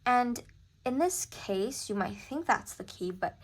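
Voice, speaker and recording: A woman's voice: fairly high pitch, lively intonation, a little slow, slight background noise. A woman tutoring music theory in a casual lesson, chatty and thinking aloud as she corrects herself. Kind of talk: casual screen-recorded lesson.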